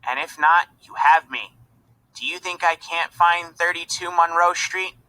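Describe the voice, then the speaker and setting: An earnest fifteen-year-old Irish girl from a storybook, as a male reader puts her on, protective of her little brothers. The voice is bright and lifted a little above his usual register. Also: a little high, a little slow, dry recording, pitched above the performer's own voice, low-quality recording. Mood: reassuring.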